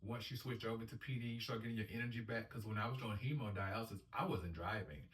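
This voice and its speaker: A man's voice: lowish voice, fast talker, fairly bright tone, slight background noise. A man, a dialysis patient, telling his story in an earnest, upbeat way, acting out quotes, recorded on a distant mic in a roomy space. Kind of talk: casual personal storytelling.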